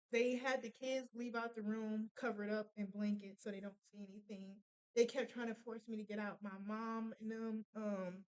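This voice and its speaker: A young woman telling a painful personal story, halting with many fillers and restarts. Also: fairly high pitch, low-quality recording. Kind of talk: casual storytelling.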